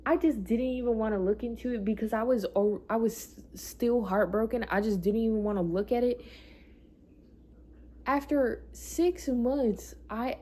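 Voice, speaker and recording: A woman's voice: on the high side, normal speed, dark tone. A young adult woman telling a personal story in a casual vlog, emotional and profane, often repeating herself for emphasis. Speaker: vlogger.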